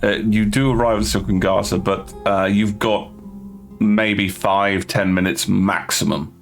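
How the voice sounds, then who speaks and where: Low-voiced man running a tabletop game. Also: fairly even intonation, creaky, soft background music. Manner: halting, many fillers and restarts. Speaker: game master.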